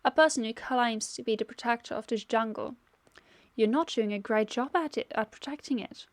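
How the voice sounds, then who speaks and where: A woman's voice: on the high side, normal speed, no room sound, natural voice. A woman voicing a mocking villainous aunt. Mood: taunting. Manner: taunting, gloating.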